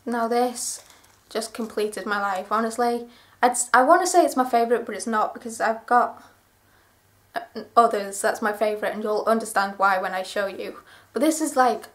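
A young woman chatting through a clothing haul vlog, gushing and rambling with enthusiasm. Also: on the high side. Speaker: vlogger.

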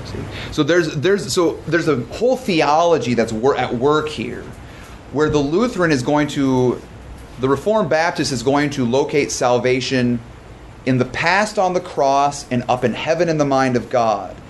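Male pastor, casual Bible study teacher, mid-range voice, quick and informal with asides. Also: mid-range voice, animated, slight background noise. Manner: informal and fast, with restarts and joking asides.

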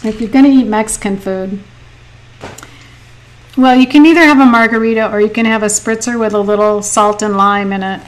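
A woman's voice: medium pitch, fairly even intonation, brisk, rough recording. A middle-aged woman teaching watercolor painting on a live stream, chatty, laughing often and reading viewer comments aloud. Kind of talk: live painting lesson with chat.

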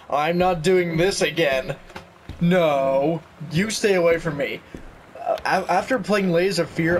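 Young dude rambling and joking thru a game, kinda high voice, light hiss behind. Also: male voice. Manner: jokey, chatty, reads notes aloud. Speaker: gaming YouTuber. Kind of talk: let's play commentary.

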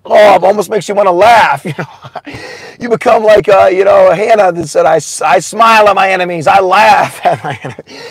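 A man preaching a sermon in a casual, excitable way, often laughing, swinging between shouts and hushed asides and saying "man" a lot. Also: high-pitched, fairly quick, vocal fry, slightly rough, dry recording, studio quality.

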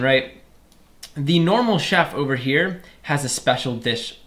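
A man's voice: mid-range voice, a bit bright. A man with a mid-range voice talks through a coding lesson on screen. He explains things step by step in an easygoing, informal way and speaks directly to his viewers. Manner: casual, explains step by step, addresses viewers as "you guys". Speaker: programming instructor. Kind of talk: screen-recorded coding tutorial.

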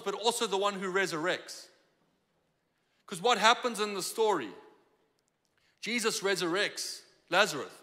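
A man preaching a sermon in a church, conversational and animated, acting out the lines he quotes. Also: high-pitched, in a large hall. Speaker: pastor. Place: church sanctuary.

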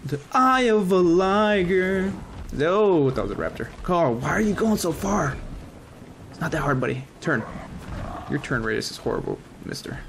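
Gravelly, excitable male gamer. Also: a little high, normal speed, a little hiss or hum. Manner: excitable, chats to the creatures he tames. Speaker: gaming channel host. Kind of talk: casual let's-play commentary.

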